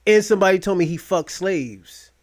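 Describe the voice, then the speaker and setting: A man hosting a podcast, talking in loud, rambling, mocking rants full of profanity. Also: high voice, moderate pace. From United States. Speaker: podcast host. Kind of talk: profane casual commentary.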